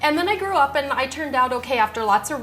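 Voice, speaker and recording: A middle-aged woman co-hosting a casual chat show, lively and reactive, often answering with short affirmations. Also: sits high, quick pace, over music. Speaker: podcast co-host.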